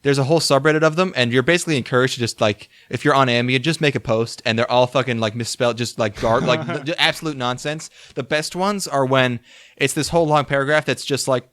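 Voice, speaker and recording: Brief: young male podcast co-host, loose and profane, mid pitch, dead dry close-mic sound. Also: quick pace, fairly bright tone, no room sound. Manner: rambling, swears a lot, acts out quotes. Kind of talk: casual chat.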